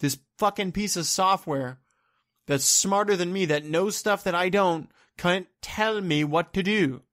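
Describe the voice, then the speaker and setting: Guy ranting on his vlog, kinda high voice, annoyed and rambly, cusses a lot. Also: a little slow, fairly bright tone. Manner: exasperated, rambling, swears often. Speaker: vlogger.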